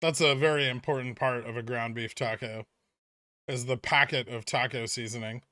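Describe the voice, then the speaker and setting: A man's voice: mid-range voice, steady tone, moderate pace, sharp tone, no echo. A man hosting a casual trading livestream, rambling through dry sarcastic jokes with plenty of fillers. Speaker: streamer host of a stock trading livestream.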